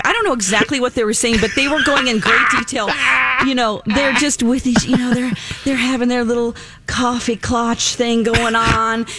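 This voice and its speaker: A woman co-hosting a morning radio show, telling an animated story and laughing as she talks. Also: on the high side, moderate pace, very noisy. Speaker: radio co-host. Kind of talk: casual radio banter, ranting story.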